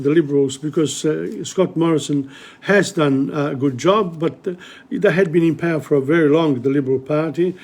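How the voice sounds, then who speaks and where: A man hosting a live-streamed literature lesson, speaking casually, often pausing mid-sentence to search for words. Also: fairly high pitch, darkish tone. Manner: switches between English and Italian.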